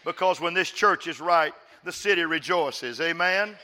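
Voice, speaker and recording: A man from West Texas preaches from a church stage and calls on the congregation to repeat after him. His voice is high and sharp-edged. Long reverb from a large hall trails behind each phrase. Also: moderate pace. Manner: preaching with call-and-response, emphatic. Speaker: pastor. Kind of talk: sermon.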